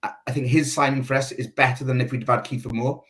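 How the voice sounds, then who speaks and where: A man's voice: mid-range voice, steady tone, fast talker. Chatty man airing opinions on football. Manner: talkative, opinionated, thinks out loud. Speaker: football fan panelist. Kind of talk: casual chat.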